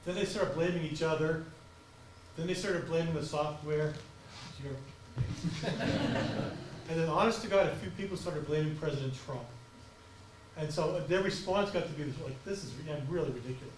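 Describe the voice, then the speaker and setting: A man giving a conference talk on crisis communications, speaking fast and passionately. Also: fairly high pitch, a little hiss or hum. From United States. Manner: fast, passionate, animated delivery. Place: auditorium. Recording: echoey auditorium from far off.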